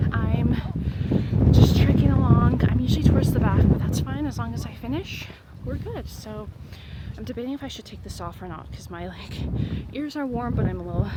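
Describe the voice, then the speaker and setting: A travel vlogger talks casually to her camera while hiking up a windy hillside, out of breath and rambling with plenty of fillers. Her voice is on the high side, and heavy wind noise hits the mic.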